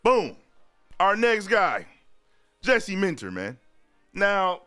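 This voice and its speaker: A man hosting a live-stream sports talk show, chatting loosely in slang, reading viewer comments aloud and shouting out viewers. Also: high-pitched, huge pitch swings, very slow, smooth, faint music behind. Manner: loose slang-heavy chat, repeats "you know what I'm saying".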